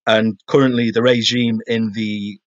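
A man chats casually as a podcast guest, easygoing and quick to laugh. His voice comes through a slightly dull, muffled line. The sound is dry, with no room around it. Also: on the low side, level tone, dry recording. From England. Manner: chatty, laughs often, says mate.

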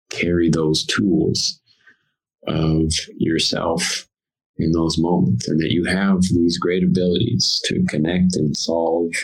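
Deep husky man giving gentle advice. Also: rough recording. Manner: slow, earnest, draws out key words. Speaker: podcast guest, intuitive. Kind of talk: storytelling and spiritual advice.

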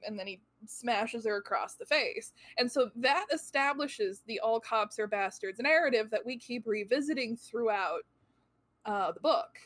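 A woman's voice: fairly high pitch, moderate pace, fairly bright tone, no echo. A woman co-hosting a casual comic book podcast, talking critically and with exasperation. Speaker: podcast co-host.

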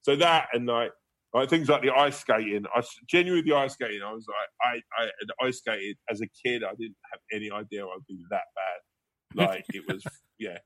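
A man's voice: on the low side, brisk, fairly bright tone. A man, a guest comedian, telling rambling anecdotes in a casual interview, laughing and swearing as he goes.

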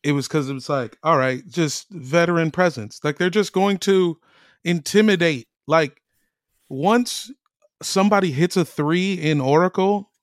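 A man's voice: on the high side, measured pace, dry recording. Joking man on a dry mic. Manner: joking, animated storytelling. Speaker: podcast co-host. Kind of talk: casual chat.

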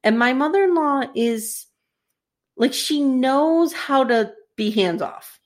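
A woman in her forties co-hosting a podcast, chatting casually and acting out scenes with lively voices. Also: high-pitched, slow pace. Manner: animated, acts out scenes with voices and laughs. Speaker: podcast co-host. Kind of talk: casual chat recapping a TV series.

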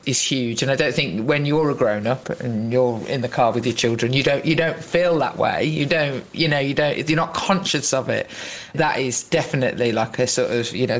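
A podcast host reflecting aloud in a rambling, appreciative way during an interview. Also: mid-range voice. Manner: musing, rambling, warmly appreciative.

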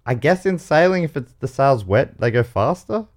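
A man's voice: mid-range voice, normal speed. An Australian man hosting a comedy game show podcast, reading out quiz questions with playful asides. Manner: playful, reads questions aloud with animated asides. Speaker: host.

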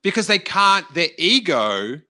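Bright-voiced man in casual chat. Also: sits high. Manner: animated, quick asides and restarts.

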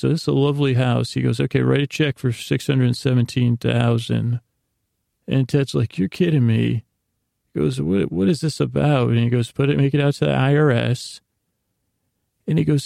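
A man with a heavily gravelly voice drifts through a casual recap for a sleep podcast, stopping and restarting as he goes. His tone stays flat and unhurried, with little rise and fall. The recording is close and dry. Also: medium pitch, no room sound. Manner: meandering, casual, many fillers and restarts. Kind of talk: rambling bedtime recap.

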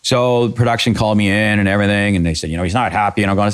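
A man with a fairly low voice, a pyro designer talking as a guest. He tells his story bluntly and with energy and swears freely, and he acts out both sides of the arguments. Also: fairly even intonation, very fast, few pauses, clear, resonant tone. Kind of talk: casual storytelling interview.

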